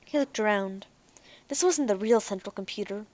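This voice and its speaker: A woman narrating a science fiction audiobook in a steady, even reading voice. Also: mid-range voice, normal speed, no room sound.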